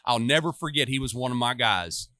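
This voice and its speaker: A man's voice: mid-range voice, animated, brisk, pushed and bright, dry recording. Earnest American man reflecting on leadership. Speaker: co-host, retired Marine. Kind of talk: casual storytelling chat.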